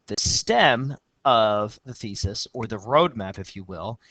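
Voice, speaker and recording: A man's voice: mid-range voice, animated, unhurried, a bit bright, no room sound. A male teacher walks through a student essay in a recorded lesson, reading passages aloud and commenting with upbeat energy. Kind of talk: recorded lesson with screen walkthrough.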